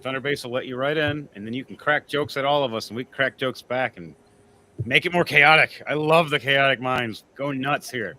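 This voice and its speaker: A man co-hosting a casual livestreamed podcast, animated and often laughing as he tells stories. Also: mid-range voice, brisk. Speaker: podcast co-host.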